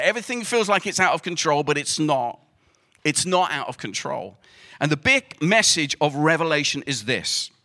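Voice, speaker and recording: Bright, emphatic male preacher. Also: on the high side. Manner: lively, emphatic, asks the audience to repeat words. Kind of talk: sermon. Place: hall with a live audience.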